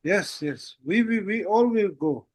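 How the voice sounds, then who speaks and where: A man teaches a language lesson, his voice sitting high and his pace unhurried. He keeps coming back to the same little phrases as he explains. The sound is dry and close. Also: expressive, no echo. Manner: repeats "that's it" and "how goes it". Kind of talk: casual online language lesson.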